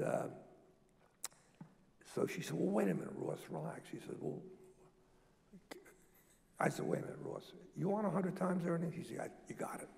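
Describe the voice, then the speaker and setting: An older man, a guest at a public talk, telling lively business stories and acting out the dialogue. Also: a little high, vocal fry. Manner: animated storyteller, acts out quoted dialogue. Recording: echoey hall.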